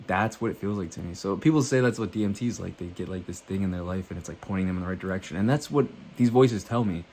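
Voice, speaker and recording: A man's voice: deep voice, animated, very fast, darkish tone. A man vlogging, telling a loose, profane story to the camera and acting out what he thought and said.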